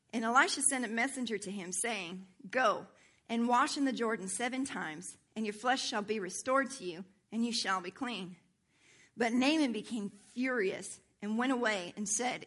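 A woman worship pastor preaching, reading scripture aloud and explaining it, checking in with her listeners as she goes. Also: a little high. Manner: animated, asks the congregation for agreement.

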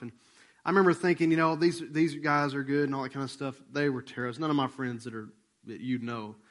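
A male pastor telling a personal story in a sermon, casual and animated. He acts out remembered conversations and drops to a hushed voice for tender moments. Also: medium pitch.

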